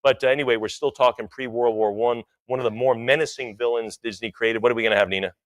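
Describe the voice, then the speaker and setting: A man's voice: mid-range voice, fairly even intonation, no room sound. Man calling bids at an auction. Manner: rapid rhythmic bid chanting with joking asides.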